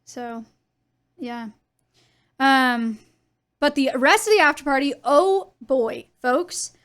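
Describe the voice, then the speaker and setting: A young woman streamer chatting casually, telling animated stories with laughter and quoted dialogue. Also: sits high, slow.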